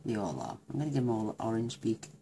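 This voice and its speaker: A woman's voice: extremely low pitch, very animated, fast, vocal fry, dark tone, a little hiss or hum. A woman demonstrating card-making, gushing and chatty as she thinks aloud while colouring. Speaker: craft demonstrator.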